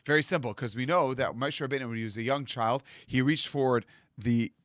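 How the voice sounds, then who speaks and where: A man giving a rabbi's Torah sermon in a lively storytelling manner, acting out the lines he quotes. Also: mid-range voice, a little fast, dry recording, clean studio sound. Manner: animated storytelling, acts out quotes.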